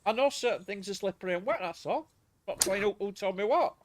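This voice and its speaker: Lively, high-voiced man. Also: a little fast. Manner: animated, rambling and crude. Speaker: streamer. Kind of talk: casual gaming chat.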